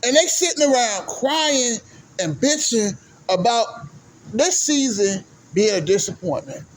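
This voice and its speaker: A man ranting casually about basketball fans in a profane, animated way, often tagging his points with "right?". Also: very high voice, measured pace. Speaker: vlogger, sports commentator. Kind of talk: casual ranting sports talk. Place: sitting at home doing laundry.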